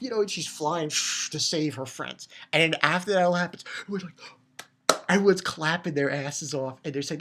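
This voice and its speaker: A woman giving a casual, excitable recap of an anime episode, laughing and swearing, with many restarts. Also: low-pitched, normal speed. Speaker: anime reviewer.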